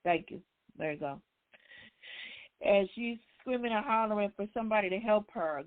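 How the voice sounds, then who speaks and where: A woman's voice: mid-range voice, lively intonation, moderate pace. A woman hosting a book discussion, casually retelling a story in with loose, conversational phrasing. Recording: tinny phone line.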